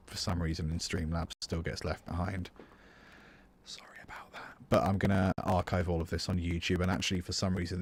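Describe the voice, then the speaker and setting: Low-pitched and husky, this man from the UK is a music teacher giving a casual live-streamed composition tutorial. He thinks aloud as he works and answers the chat between steps.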